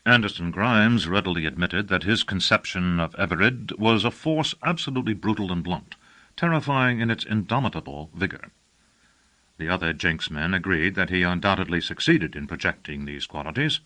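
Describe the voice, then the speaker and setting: A man narrating a science fiction audiobook in a measured storytelling manner. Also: low voice, lively intonation, bright, forceful tone. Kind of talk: scripted narration.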